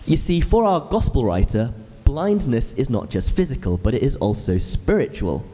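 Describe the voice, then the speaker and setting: A man's voice: mid-range voice, big pitch swings, moderate pace, dark tone, big-room sound. A man in his thirties, an ordinand, preaching a sermon in a church with earnest, explanatory storytelling. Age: 30s.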